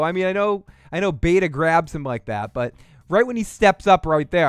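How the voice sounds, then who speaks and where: A fairly high-voiced man with a Boston accent riffs loosely as a show host, cursing and joking as he goes. His voice is smooth and clean, recorded close and dry. Faint music sits far behind him. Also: animated, normal speed, no room sound. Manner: profane, rambling, jokey riffing. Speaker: podcast host recapping a TV episode. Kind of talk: casual review chat.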